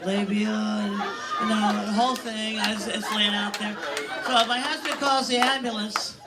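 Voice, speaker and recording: A woman's voice: medium pitch, little pitch movement, measured pace, a loud crowd, very noisy. An older woman performing a stand-up comedy routine on a comedy club stage, telling bawdy, self-mocking stories in a brash way.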